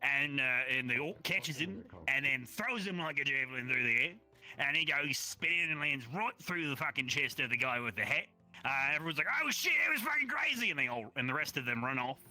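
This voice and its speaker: A man's voice: medium pitch, fairly quick, pushed and bright, soft background music. A man voicing a crude, boastful orc mercenary who rambles through war stories and swears casually in a live role-play.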